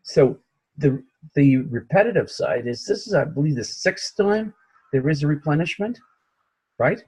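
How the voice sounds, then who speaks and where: A man's voice: fairly high pitch, lively intonation, unhurried, darkish tone, slightly rough. A man from the audience asking a question over a video call, thoughtful and hesitant. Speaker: audience member.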